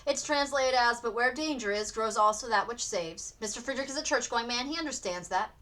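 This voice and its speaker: A woman reading aloud voices a calm, clever young man who speaks in a level, reasoning way. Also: fairly high pitch, brisk, lightly acted. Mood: placating. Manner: level, reasoning, smoothing things over.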